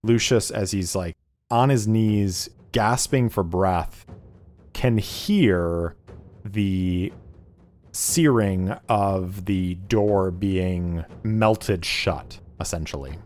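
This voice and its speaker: A man narrating a solo tabletop game as game master and reading rules aloud in a measured way. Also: deep voice, a little mellow, soft background music.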